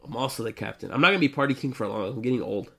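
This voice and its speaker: A man in his twenties co-hosting a casual podcast chat, rambling and animated, often laughing. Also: medium pitch, racing, gravelly. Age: 20s. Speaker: podcast co-host.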